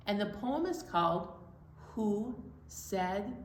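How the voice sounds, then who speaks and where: A children's librarian leading a story time poem, coaxing listeners to join in with animal sounds. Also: female voice, medium pitch, animated, slow pace, slight background noise. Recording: echoey room.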